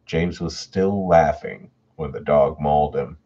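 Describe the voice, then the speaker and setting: A man reads horror stories aloud on a livestream, chatting casually with viewers between readings. His voice is extremely deep and husky. The recording sounds dull and lo-fi. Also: measured pace. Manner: relaxed and chatty, reads chat messages aloud. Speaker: horror story narrator and livestream host. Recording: dull lo-fi home audio.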